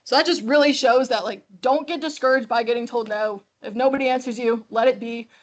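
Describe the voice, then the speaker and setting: A woman in her twenties from Chicago, a guest speaker telling a class her story, lively and acting out the people she quotes. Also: on the high side, a little fast. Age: 20s. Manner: lively, acts out quoted dialogue.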